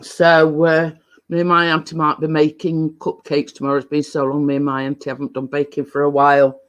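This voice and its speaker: A man's voice: a little high, monotone, a little fast, a bit bright. A man with a British accent hosting a casual live-stream chat with viewers, rambling and hesitant, full of fillers and restarts, sometimes talking while eating. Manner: chatty, eats while talking.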